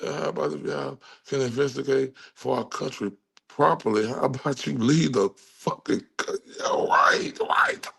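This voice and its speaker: A man's voice: mid-range voice, moderate pace, creaky, slightly rough. A man with a Texan accent giving angry, profane true-crime commentary and talking straight to his viewers. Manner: angry, cursing, talks to viewers.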